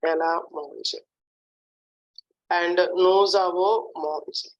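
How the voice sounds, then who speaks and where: A woman leads a French lesson, repeating verb forms one at a time. She talks unhurriedly, with a slightly low voice. She checks in often with a soft "hmm, d'accord". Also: fairly even intonation, dull audio. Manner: slow, repetitive drilling with frequent "hmm, d'accord". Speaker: French teacher. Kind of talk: online language lesson.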